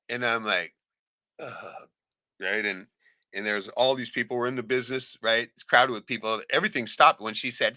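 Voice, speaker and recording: An animated man telling a story on his podcast, cursing freely and tagging "right?" onto nearly every line. His voice is bright and forward, with a lively, swooping pitch, and it sounds dry and close to the mic. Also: brisk, dry recording. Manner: profane, animated, keeps asking "right?"; acts out quoted voices, shouting them. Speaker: podcast host. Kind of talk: casual storytelling chat.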